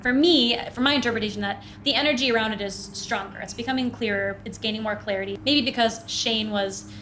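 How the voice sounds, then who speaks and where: A young woman hosting a podcast tells a personal story in casual chat, animatedly acting out the voices of the people involved. Her voice is fairly high and fairly quick, with background noise behind it.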